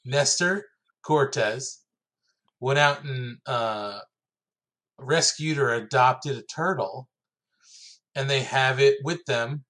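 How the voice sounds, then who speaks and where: A man co-hosting a casual podcast in a mid-pitched, ordinary voice. He talks in quick banter, laughing often and swearing freely. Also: fairly bright tone. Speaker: podcast co-host. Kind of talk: casual chat.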